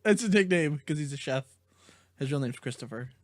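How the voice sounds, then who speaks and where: A man's voice: a little high, animated, brisk, dry recording. A man in his thirties co-hosting a podcast, playful and reacting with laughter often. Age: 30s. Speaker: podcast co-host. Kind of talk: casual chat.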